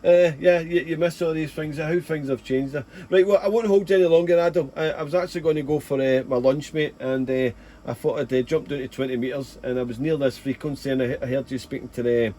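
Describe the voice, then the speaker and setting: A man's voice: on the high side, fairly even intonation, fast, mellow. A Scottish man in his forties, a ham radio operator chatting casually at his home station, full of folksy fillers. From Scotland. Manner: chatty, folksy, leans on 'there' and 'mate'. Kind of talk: casual radio contact chat. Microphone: radio transceiver mic.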